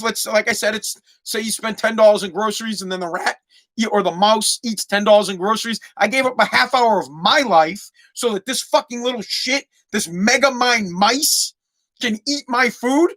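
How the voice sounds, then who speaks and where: A man's voice: high voice, normal speed, fairly bright tone. A man hosting a podcast in a heated, profane rant, often repeating words as he stumbles to get his point out. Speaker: podcast host.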